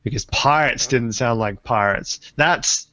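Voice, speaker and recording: A man's voice: mid-range voice, unhurried, sharp tone, no room sound, lo-fi sound. Rambling, laughing man on a podcast. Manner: rambling, laughs often, trails off mid-sentence. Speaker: podcast co-host. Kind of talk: casual comedic chat.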